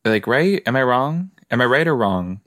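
A man's voice: mid-range voice, big pitch swings, moderate pace, a bit bright, no echo, clean studio sound. A man hosting a casual watch-along podcast, chatting in a rambling way and talking to his listeners. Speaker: podcast host.

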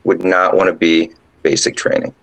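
A drill sergeant guest casually telling a ghost story, rambling along with lots of fillers. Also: male voice, sits low, flat delivery, normal speed, creaky, a bit bright, rough recording.

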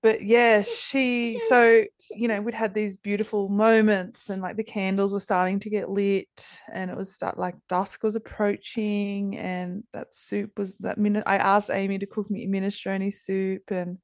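A woman's voice: mid-range voice, little pitch movement, a little slow, hardly any pauses, dry recording. A woman, telling her story as a podcast guest in a candid, chatty way, swearing freely and often restarting her sentences. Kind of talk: casual conversation.

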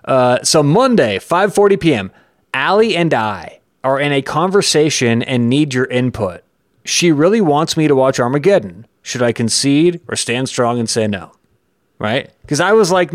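Playful, animated man co-hosting a podcast. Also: mid-range voice, no echo, studio quality. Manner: animated, playful storytelling with quick asides. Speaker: podcast co-host. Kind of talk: casual chat.

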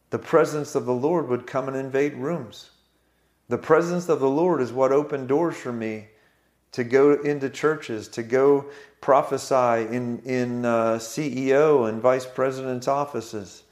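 A man preaching, telling a story with frequent fillers and restarts. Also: medium pitch. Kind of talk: sermon testimony.

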